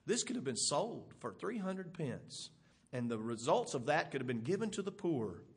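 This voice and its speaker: Judas, as a preacher puts him on, grumbling traitor. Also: male voice, a little high, big pitch swings, normal speed, husky, full character voice. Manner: grumbling, complaining about money. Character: greedy scheming male traitor disciple.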